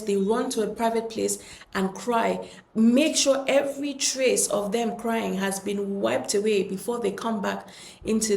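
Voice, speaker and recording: Woman podcast host, gravelly voice, earnest and gentle, lots of ums, echoey room. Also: medium pitch. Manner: earnest, gently coaxing, many "um"s and restarts. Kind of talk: reflective solo talk.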